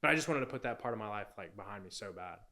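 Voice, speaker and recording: A man's voice: fairly low pitch, animated, rapid-fire, pushed and bright. A young man, a podcast guest, telling a personal story in a casual, rambling way, full of "like" and "you know".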